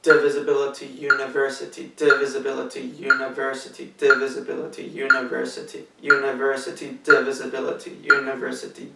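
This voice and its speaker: A man's voice: a little high, vocal fry, fairly bright tone. A man giving a cello lesson, explaining rhythm step by step in a patient, methodical way with some fillers. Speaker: cello teacher. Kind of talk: instructional tutorial. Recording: echoey room, mic at a distance.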